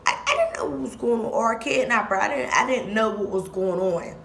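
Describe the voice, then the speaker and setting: A woman's voice: on the high side, fairly quick, gravelly, a bit bright, slight background noise. A young woman vlogger telling a story in casual, slangy speech, repeating lines for emphasis.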